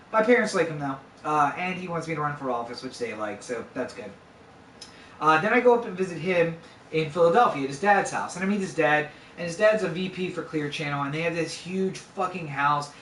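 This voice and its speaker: A man's voice: on the high side, a little fast, fairly bright tone, a little hiss or hum. A man in his twenties casually telling a true story, full of fillers and swearing. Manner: conversational, swears freely, lots of fillers. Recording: echoey room, voice a bit far from mic.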